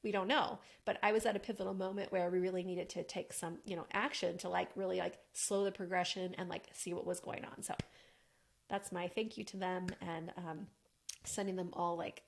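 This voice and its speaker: A woman's voice: on the low side, a little fast, gravelly. A woman around forty telling a personal story in a casual, chatty way, full of "like" fillers. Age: about 40. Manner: chatty, animated, many "like" fillers. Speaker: wellness coach and podcast host.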